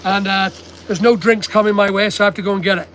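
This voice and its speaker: A man's voice: high voice, steady tone, fast talker, fairly bright tone, slight background noise, low-quality recording. An older man with a British accent, chatting bluntly on a livestream from his stock depot and reading out viewer comments. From United Kingdom. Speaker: online seller livestreaming. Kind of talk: casual livestream chat. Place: stock depot at a packing table.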